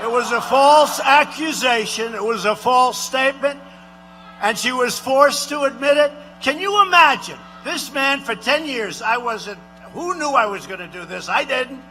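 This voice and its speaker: A rambling, boastful president, as a man puts him on, working a rally crowd with loops of repetition and sudden shouted lines. The voice sits very high and bright, almost strained. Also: expressive, a little slow, a little hiss or hum, full character voice. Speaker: impressionist. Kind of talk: political impression, rally speech.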